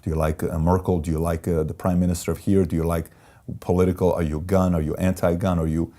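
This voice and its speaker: A man who is an entrepreneur, being interviewed and telling candid stories in an animated, emphatic way that repeats key phrases. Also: deep voice, fast talker. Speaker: entrepreneur guest.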